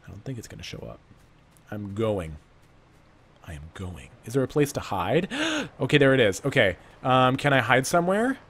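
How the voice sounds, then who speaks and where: Excitable man narrating a spooky game. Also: medium pitch, moderate pace, slightly rough. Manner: excitable, panicky outbursts and repeated urgent commands; playful self-talk, rambling asides. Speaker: let's play gamer. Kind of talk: gameplay commentary with improvised backstory.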